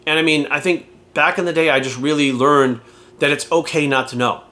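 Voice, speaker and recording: A man's voice: fairly high pitch, fairly even intonation, a little fast, sharp tone. A man talking as a fitness coach in a casual vlog rant, blunt and heavy on swearing and rhetorical questions.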